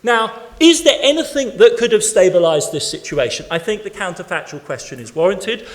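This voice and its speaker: A man's voice: high voice, lively intonation, fairly quick. A man giving a keynote academic lecture to an audience in a conference hall. He speaks emphatically, building his points in rhythmic lists.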